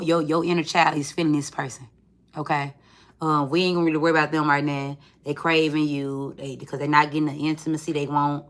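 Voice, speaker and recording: A woman giving a tarot reading in casual, chatty talk, swearing freely and calling the viewer friend. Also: deep voice. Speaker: tarot reader.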